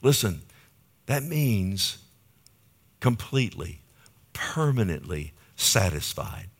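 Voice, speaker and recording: A man preaching a sermon with rhythmic repetition and frequent calls to the congregation, dropping to hushed phrases and rising to loud emphasis. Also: sing-song, slow, breathy edge. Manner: swings between low hushed phrases and sudden loud emphasis.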